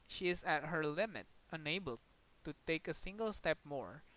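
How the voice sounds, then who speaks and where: A game streamer, reading a story game's text aloud in a dramatic way, with sudden loud outbursts. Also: mid-range voice, expressive, moderate pace, low-quality recording. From Indonesia.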